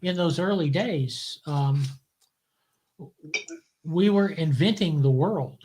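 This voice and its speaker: An older man, a guest in a casual interview, telling relaxed, wry stories and often restarting his phrases. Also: on the high side, slow, a little hiss or hum. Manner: relaxed anecdotal storyteller, wry and cynical, repeats words as he restarts.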